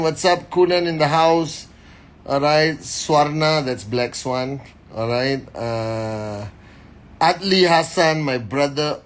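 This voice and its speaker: A man hosting a live stream, greeting viewers by name and giving a motivational talk in an energetic, casual way. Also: mid-range voice. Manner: energetic, reads names quickly, speaks directly to the audience. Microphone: phone.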